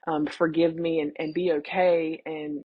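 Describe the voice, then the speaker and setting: Low, husky young woman guest. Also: level tone, a little slow, no echo, muffled recording. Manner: candid and emotional, reenacting family dialogue. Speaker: podcast guest. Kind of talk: casual interview chat.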